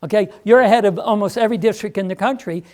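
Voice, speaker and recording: A man speaking to a school district meeting, emphatic and persuasive, with quick asides to the audience. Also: high-pitched, a little mellow. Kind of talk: live presentation. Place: meeting room.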